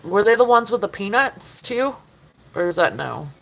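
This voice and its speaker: Rambling chatty woman, bright voice. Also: mid-range voice, sing-song, normal speed, gravelly, poor audio. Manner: rambling, heavy use of "like", casual swearing. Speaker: livestreamer chatting with viewers. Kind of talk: casual chat. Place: home kitchen, doing chores.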